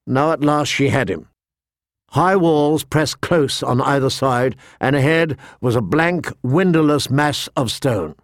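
A man reading a fantasy novel aloud as narrator, steady and shifting pace with the action. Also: mid-range voice, measured pace, dry recording, clean studio sound. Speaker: audiobook narrator. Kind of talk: scripted narration.

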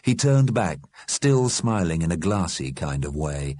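A man reading a story aloud in a measured, expressive way. His low, husky voice rises and falls widely. The recording is dry and close. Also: no room sound. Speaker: audiobook narrator. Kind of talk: scripted story narration.

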